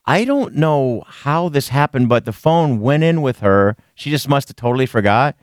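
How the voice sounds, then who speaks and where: Male radio host, mid pitch, animated storyteller, close dry mic. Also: moderate pace, dry recording. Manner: animated storyteller, acts out quotes. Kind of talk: morning radio banter.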